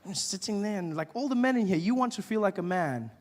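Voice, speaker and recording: A young man from Africa, performing an animated stand-up routine in a live venue and breaking into shouted voices. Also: sits high, fast, big-room sound. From South Africa. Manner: animated, acts out voices with sudden shouts and laughs. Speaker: stand-up comedian. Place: live comedy venue with audience.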